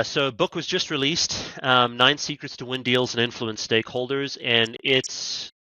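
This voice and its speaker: A Canadian man, a guest on a podcast, talks about negotiation training in a conversational interview, telling animated stories with quoted asides. His voice is medium-pitched and bright with a forceful tone. The audio is poor, though there's no room sound.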